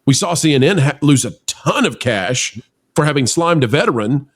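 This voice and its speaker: A man hosting a casual news commentary show, talking in an animated, teasing way and exclaiming often. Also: mid-range voice, normal speed. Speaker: show host. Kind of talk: casual political commentary chat.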